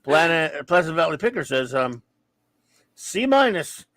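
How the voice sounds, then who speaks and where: A man hosting a casual live-streamed show, reading out listener reviews and greetings, often stumbling and correcting himself with quick laughs. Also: on the high side, sing-song, fairly bright tone, no echo.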